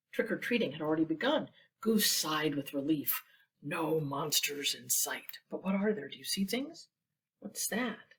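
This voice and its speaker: A woman's voice: on the low side, slightly rough, distant mic. A woman librarian reading a picture book aloud at storytime, with asides to the children. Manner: slow and expressive, asides to children.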